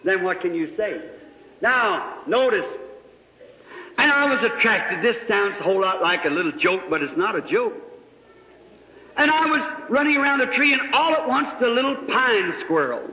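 A man with a strikingly high voice preaches to a gathering, telling a story and breaking from quiet asides into shouts. The sound is dull and old, carried by the long echo of a large hall. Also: very animated, normal speed. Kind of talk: sermon. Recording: echoey hall, muffled old recording.

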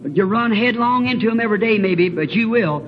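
Male preacher, high voice, folksy storytelling sermon, lo-fi archive tape with faint hiss. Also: lively intonation, fairly quick. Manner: folksy, rambling storyteller with emphatic exclamations. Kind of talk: fervent sermon with personal testimony. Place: church building.

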